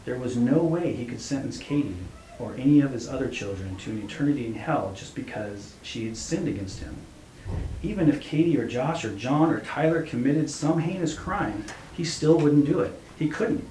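A man's voice: medium pitch, animated, moderate pace, mellow. A man reading a story aloud and then reflecting on it as a preacher, with hesitant restarts. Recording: roomy echo, faint hum.

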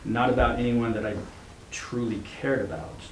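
A man voicing a desperate father who protests and begs for his children, loud and strained. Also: medium pitch, fairly even intonation, normal speed, lightly acted. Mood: stunned. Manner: pleading, crying out. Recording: roomy echo, faint hum.

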